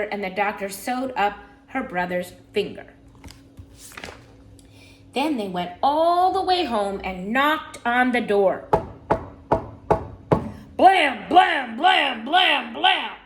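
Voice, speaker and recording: A woman's voice: on the high side, slight background noise. Woman reading a story aloud, roomy echo. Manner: animated, expressive reading. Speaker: children's storyteller. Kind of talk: read-aloud children's story. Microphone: video call.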